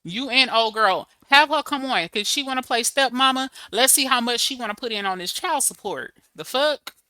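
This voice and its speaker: A young woman hosting a casual livestream, sassy and emphatic, chatting with viewers and softly reading out their comments. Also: fairly high pitch, animated, moderate pace, no room sound. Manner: drops to a soft murmur reading viewer comments. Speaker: livestream host reading chat.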